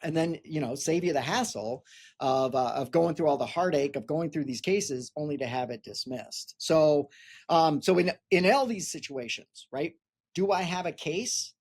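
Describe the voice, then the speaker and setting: A man's voice: fairly high pitch, normal speed, a little mellow, slightly rough. A man who is a personal injury attorney co-hosting a podcast, explaining legal points plainly and often tagging his sentences with "right?".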